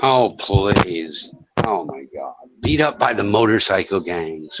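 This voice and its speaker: A livestream host with a low, animated voice takes it slowly while ranting at chat trolls from his home in Thailand, using sarcasm, taunts, and profanity. The recording is dull, lo-fi stream audio.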